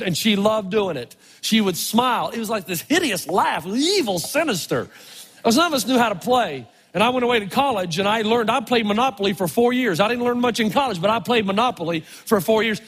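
Husky high-voiced preacher in a hall. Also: male voice. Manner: animated, shifts from hushed to loud for emphasis. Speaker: pastor. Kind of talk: sermon storytelling. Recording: long reverb in a large hall.

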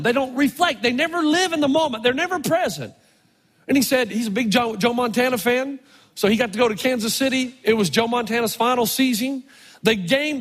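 A man delivers a sermon in a very high, husky voice, stretching words out for emphasis as he tells stories. His voice rings with the long reverb of a large church hall. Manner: animated, drawn-out emphatic delivery. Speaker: preacher. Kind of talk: sermon with storytelling.

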